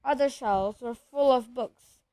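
A woman reading a children's novel aloud, steady and even, with occasional slips and restarts. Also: fairly high pitch, a little slow, no echo, low-quality recording. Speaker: reader.

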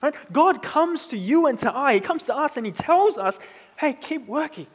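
A man in his thirties preaching a sermon in a relaxed, conversational way, often checking in with "right?". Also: very high-pitched, moderate pace, long reverb tail. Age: 30s. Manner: conversational, tag questions like "right?".

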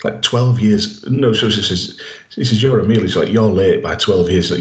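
A man's voice: fairly low pitch, moderate pace. A man co-hosting a podcast, eagerly retelling scenes and acting out the quoted dialogue in casual chat. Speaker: podcast co-host. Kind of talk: casual chat recapping an episode. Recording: roomy echoey room.

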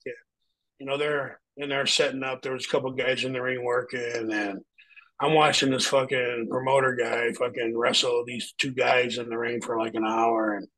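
A man's voice: medium pitch, fairly bright tone, poor audio. A middle-aged man, a former pro wrestler, telling a story as an interview guest in a blunt, heavily profane way.

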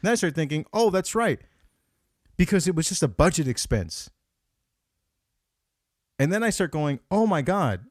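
A man's voice: on the high side, moderate pace, pauses often, dry recording, studio quality. A man hosting a comedy podcast, ranting casually about a movie, swearing a lot and acting out his own thoughts. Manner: profane, animated, acts out his own thoughts in quotes. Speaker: podcast host.

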